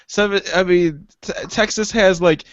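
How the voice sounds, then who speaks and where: A man's voice: sits high, steady tone, takes it slowly, muffled recording. A man co-hosting a podcast in casual chat, often incredulous and laughing. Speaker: podcast co-host.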